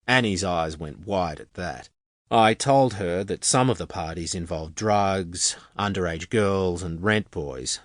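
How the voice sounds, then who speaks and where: Male audiobook narrator, deep low voice, dry close studio sound, wry conversational telling. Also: a little slow, dry recording. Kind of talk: scripted first-person novel narration.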